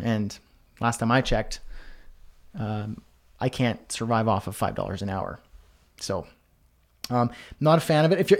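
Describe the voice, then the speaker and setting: A man hosting a live online Q&A, reading out viewers' comments and answering in a casual, chatty way with many fillers and restarts. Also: mid-range voice. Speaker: host.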